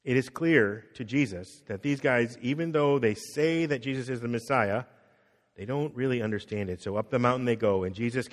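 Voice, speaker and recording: Middle-aged male pastor, relaxed sermon, plain mid voice, reverberant church hall. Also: medium pitch. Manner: conversational, acts out quotes, drops soft on key words.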